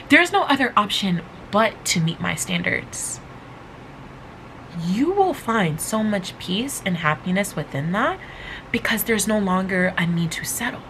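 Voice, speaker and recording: Bright-voiced encouraging woman podcaster. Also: medium pitch, a little hiss or hum, low-quality recording. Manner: encouraging and emphatic, repeats phrases for stress. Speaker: podcast host. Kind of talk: casual motivational podcast talk.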